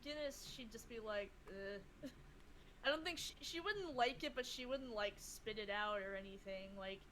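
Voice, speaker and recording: A woman's voice: a little high, normal speed, pushed and bright, a little hiss or hum, poor audio. A woman guest artist chatting casually and giggling on a live art stream, talking about her characters.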